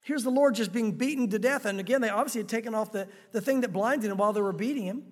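A male pastor delivers an emphatic, conversational sermon from the pulpit. His voice sits fairly high and has a husky grain. A long hall reverb trails each phrase. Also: fast talker. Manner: emphatic and conversational, addressing the crowd as guys.

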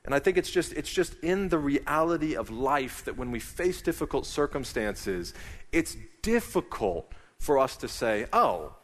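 A man's voice: medium pitch, animated, unhurried, in a large hall. A middle-aged man preaching a sermon as pastor, conversational and emphatic.

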